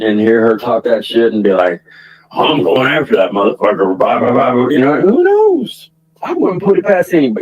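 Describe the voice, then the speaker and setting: Male streamer, mid-pitch, rambling profane commentary with constant restarts. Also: a little mellow, lo-fi sound. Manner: rambling, frequent restarts and swearing, laughs often. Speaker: livestream commentator. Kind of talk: casual profane rant.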